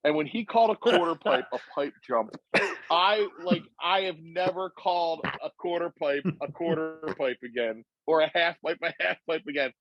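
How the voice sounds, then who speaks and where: A man's voice: a little high, normal speed, lo-fi sound, faint music behind. A man telling stories in a casual podcast chat, slipping into impressions of other people. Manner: animated, breaks into put-on voices and laughs. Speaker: podcast guest.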